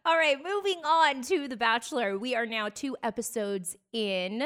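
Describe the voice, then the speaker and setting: A woman's voice: on the high side, normal speed, a bit bright. A woman co-hosting a podcast in casual chat, a chatty storyteller who laughs easily. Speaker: podcast co-host.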